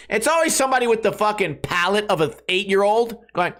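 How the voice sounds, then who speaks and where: A man with a slightly raised pitch talks loosely and profanely as he hosts his own podcast. He rambles from topic to topic and keeps breaking into quick impressions of friends, always in a jokey tone. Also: expressive, fairly bright tone. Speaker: podcast host. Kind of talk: casual solo podcast chat.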